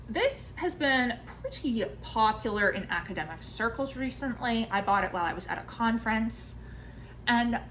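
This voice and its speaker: A woman in her thirties chatting casually in a book vlog, self-mocking and full of quick asides. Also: a little high, a bit bright, slight background noise, low-quality recording. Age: 30s. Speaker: book vlogger.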